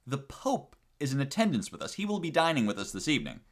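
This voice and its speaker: A man's voice: medium pitch, big pitch swings, quick pace, natural voice. A man voicing a stuffy, pompous bishop in a joke he tells.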